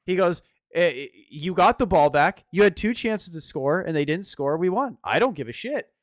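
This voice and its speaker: A young man in casual sports chat, animated and swearing as he rants about football. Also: high voice, normal speed, no room sound, clean studio sound. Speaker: podcast co-host.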